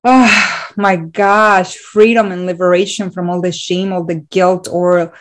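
A woman's voice: lowish voice, little pitch movement, a little slow. A woman in casual conversation, talking openly and emotionally, rambling with many fillers.

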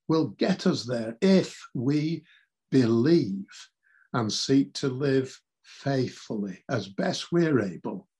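A man preaching a sermon in a measured, earnest way, reading scripture aloud. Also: medium pitch, darkish tone, husky.

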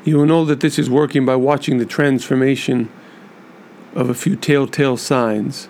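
A man hosting a podcast, speaking earnestly and emphatically to church leaders in a measured monologue with many repeated lists. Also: medium pitch, fairly even intonation, a little mellow, a little hiss or hum. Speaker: podcast host.

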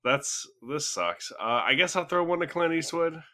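A man's voice: fairly high pitch, animated, moderate pace, sharp tone, a little hiss or hum. A man co-hosting a casual podcast chat, hesitant and dry in his jokes. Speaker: podcast co-host.

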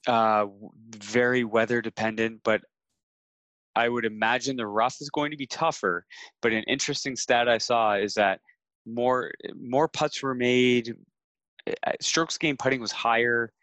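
A man from Canada co-hosting a podcast, talking in a measured, stats-minded way in casual chat. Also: medium pitch, fairly even intonation, a bit bright, no room sound. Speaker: podcast co-host.

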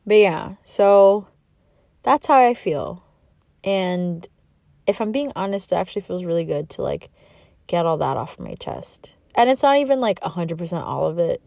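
Mellow-voiced woman rambling on her podcast. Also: lowish voice, expressive, moderate pace, gravelly, no room sound, clean studio sound. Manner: rambling, heartfelt, self-reflective, with laughs. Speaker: podcast host. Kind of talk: candid solo podcast monologue.

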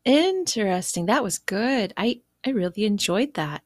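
Casual female listener; halting, stumbling speech in a dry, close room. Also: mid-range voice, very animated, dry recording. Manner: halting, repeats words. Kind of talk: casual chat.

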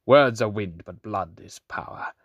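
A man reading as a cold, contemptuous male raider captain with a measured delivery. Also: fairly low pitch, no echo, clean studio sound. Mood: scornful.

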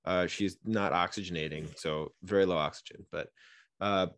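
A man co-hosting a podcast, telling stories in a casual, animated way and acting out the people in them. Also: low-pitched, moderate pace, dry recording, studio quality. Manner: animated storyteller who acts out voices. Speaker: podcast co-host.

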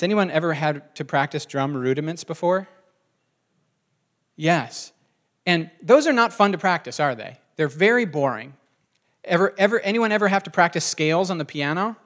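Man, pastor, sermon, conversational, questions to the congregation, slightly high voice. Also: fairly bright tone.

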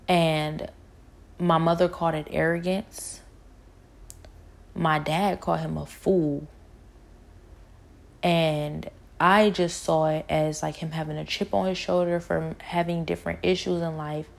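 A woman's voice: low-pitched, little pitch movement, unhurried, gravelly, long pauses. A woman telling a personal spiritual testimony in an earnest, emotional way, often repeating her words.

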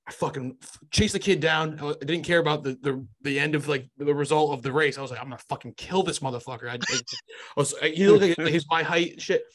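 A man's voice: a little high, fast talker, fairly bright tone. A young man telling a brash, profane story in casual podcast chat. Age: young adult.

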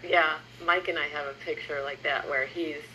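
A woman co-hosting a casual chat, laughing along and chiming in with quick agreement. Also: deep voice, fairly even intonation, pushed and bright, slight background noise, low-quality recording. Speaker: podcast co-host.

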